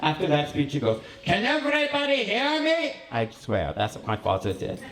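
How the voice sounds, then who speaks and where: A man's voice: lowish voice, animated, brisk, gravelly. A man performing a flamboyant male cabaret host with a vague put-on European accent, telling rambling, self-mocking stories live in a small venue. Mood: theatrical. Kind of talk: live stand-up monologue. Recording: roomy live venue, far from the mic.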